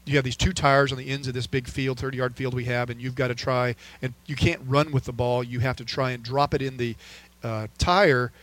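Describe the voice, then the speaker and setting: A man in his forties, a sports physician hosting a podcast, telling stories in a relaxed, casual way with easy laughs. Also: medium pitch, fairly quick, low-quality recording. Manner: relaxed storyteller, laughs easily.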